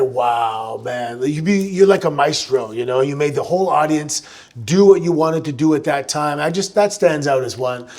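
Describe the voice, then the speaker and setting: A man answering fan questions at a live show, telling animated stories with frequent restarts. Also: a little high. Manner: animated, chatty storyteller who restarts sentences. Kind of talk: live on-stage storytelling Q&A. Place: live show venue with audience.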